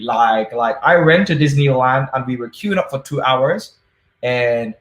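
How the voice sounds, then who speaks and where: A man's voice: medium pitch, reverberant. A man giving a conference talk over a video call, chatty and self-deprecating with many fillers. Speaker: tech conference speaker.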